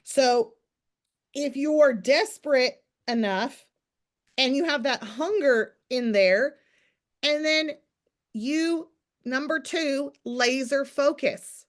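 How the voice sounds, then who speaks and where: A woman with a fairly high voice leads a morning team call over a video link. She coaches in a chatty, direct way and keeps turning to her listeners. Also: takes it slowly. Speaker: team leader hosting a morning business call. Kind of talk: casual motivational talk.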